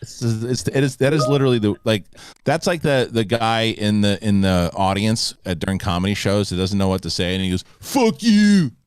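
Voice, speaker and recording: A man's voice: lowish voice, steady tone, fairly quick, clear, resonant tone. A man hosting a live online show, ranting in casual banter with crude jokes. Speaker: host.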